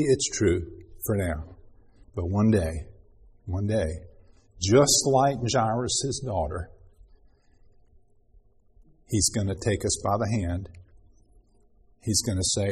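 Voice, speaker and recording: A man preaching a sermon, reading scripture aloud in an earnest manner and clearing his throat often. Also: low voice, animated, takes it slowly, long pauses, a little mellow.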